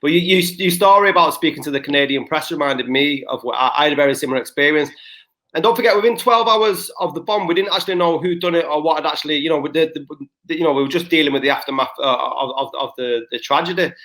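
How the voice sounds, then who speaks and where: A man's voice: a little high, fast talker, a bit bright. A man co-hosting a podcast in casual chat, rambling and swearing a lot, often stumbling over his words. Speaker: podcast co-host.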